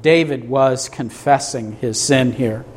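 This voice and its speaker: A man's voice: mid-range voice, slow pace, slight background noise. A man preaching a sermon to a congregation in a church, emphatic, asking rhetorical questions. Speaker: pastor.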